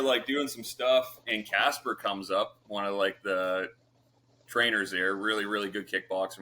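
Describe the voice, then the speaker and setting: A man's voice: fairly low pitch, sharp tone, a little hiss or hum. A man from Canada, a guest on a podcast, telling stories casually with lots of swearing and fillers. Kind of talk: casual storytelling.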